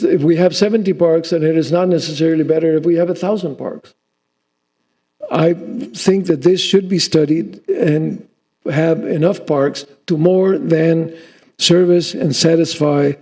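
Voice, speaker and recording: A man's voice: a little high, dark tone. A man delivering a formal public address as city mayor, reading a prepared speech and breaking off now and then to restart or ad-lib. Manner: reads a prepared speech, with restarts and ad-libbed asides.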